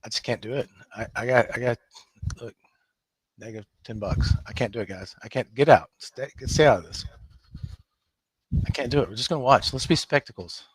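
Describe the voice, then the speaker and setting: Man, live trading host, emphatic, scolding, laughs often, mid pitch, dry close sound. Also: a little fast, pauses often, breathy edge, dry recording.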